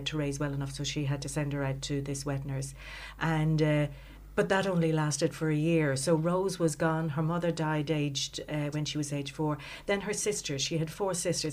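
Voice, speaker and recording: Low-pitched woman guest, heartfelt storyteller, halting delivery. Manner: warm storytelling, emotional, halting with fillers. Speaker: author guest. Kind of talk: conversational interview.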